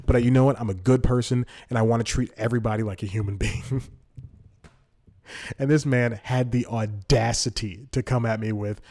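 Guy in his 20s rambling thru a funny story, laughs mid sentence, mid pitch. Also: fairly even intonation, moderate pace, warm tone. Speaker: podcast host. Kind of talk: comedic solo podcast storytelling.

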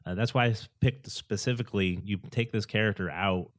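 A man's voice: fairly low pitch, brisk, no echo. A man co-hosting a casual chat, rambling with enthusiasm and acting out film quotes. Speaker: podcast co-host.

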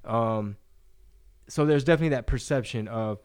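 A man's voice: medium pitch, moderate pace, darkish tone, clean tone. A young man co-hosting a podcast in casual, profane chat, often slipping into mocking impressions. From Texas. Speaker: podcast co-host.

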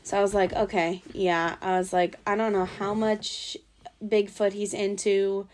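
The voice is mid-range and darkish, with little pitch movement and a slightly slow pace. It belongs to a young woman from the US Pacific Northwest who, as a podcast guest, tells the host about a bad date in rambling, casual chat packed with fillers and swearing.

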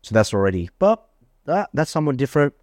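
Boastful and brisk, this Australian man hosts a podcast chat in a mid-range, sing-song voice with a darkish tone. He acts out his own quoted dialogue in a raised voice, and the studio-quality recording has no echo.

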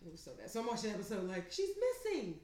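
A woman's voice: medium pitch, racing. A woman in casual conversation who tells stories with lots of energy. Her voice rises and falls widely, and the recording carries a noticeable room echo. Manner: animated storyteller, swings loud and soft, laughs often. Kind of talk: casual chat. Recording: echoey room.

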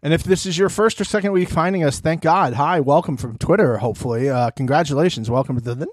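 A man co-hosting a casual recap podcast, animated and swearing often, acting out what people said. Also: a little high, fast, dry recording. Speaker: podcast co-host.

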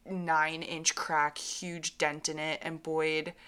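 Young woman on a podcast, low-ish bright voice, chatty, acts out what people said. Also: flat delivery, slow, clear, resonant tone. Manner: chatty storyteller, acts out quotes, laughs often. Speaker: podcast co-host. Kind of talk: casual chat.

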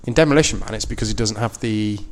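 A man co-hosting a podcast, relaxed and dry, with short replies and measured explanations. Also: on the low side. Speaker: podcast co-host. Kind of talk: casual chat.

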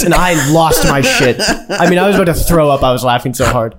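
A man telling stories on a casual podcast in a lively, swooping voice. He laughs often and swears freely as he talks. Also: a little high, moderate pace. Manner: animated, profane, laughing storyteller. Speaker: podcast co-host. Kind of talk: casual chat.

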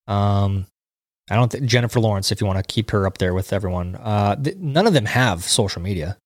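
A man with a lowish, animated voice hosts a casual livestream, reading viewer comments aloud and chatting about them at a brisk clip. The recording is clean studio sound with no room ambience.

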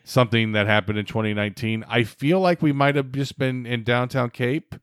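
A man co-hosting a chat show, easygoing and quick with wry asides. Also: mid-range voice, steady tone, clean tone, no echo, clean studio sound. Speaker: podcast co-host. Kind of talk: casual chat.

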